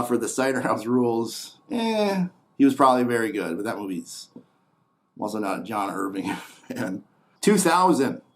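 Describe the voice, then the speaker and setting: A man rambling through a casual comedic monologue, blunt and opinionated, trailing into muttered asides. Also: medium pitch. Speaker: host.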